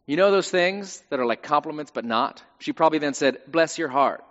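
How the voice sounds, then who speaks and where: A man's voice: a little high, animated, a little fast. A male pastor preaching a sermon in a conversational way with wry humor, recorded in a church with a dull, lo-fi sound and long reverb.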